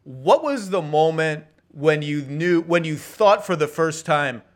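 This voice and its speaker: A man's voice: on the high side, lively intonation, a little slow. A man hosting a podcast interview, who thinks aloud and rephrases his questions as he goes. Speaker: podcast host. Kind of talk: casual interview conversation.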